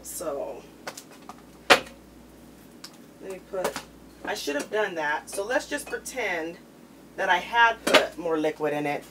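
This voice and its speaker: A woman with a low, animated voice hosts a cooking video in her kitchen, speaking slowly with long pauses. She chats informally as she opens jars and plates food, with background noise audible.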